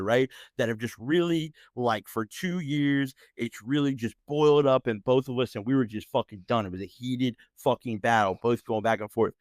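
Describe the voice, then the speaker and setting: A man in the middle of a heated, profane story rant on his podcast, his voice sitting at an ordinary middle pitch. He keeps looping back with quick "right?" asides. The sound is dry and close, with no room around it. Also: no echo. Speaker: podcast host. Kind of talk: ranting storytelling.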